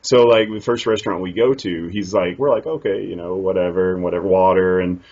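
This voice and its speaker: A man with a Southern accent hosts a relaxed interview, rambling between stories. His voice is very low and husky. The recording sounds muffled and lo-fi. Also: a little fast. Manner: rambling, filler-heavy. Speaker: interview host. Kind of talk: casual interview chat. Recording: dull lo-fi audio.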